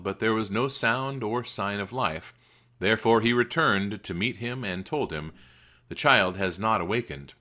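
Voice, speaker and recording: Bright, lively male scripture reader. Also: lowish voice. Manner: expressive reading, raises voice for quoted speech. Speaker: Bible reader.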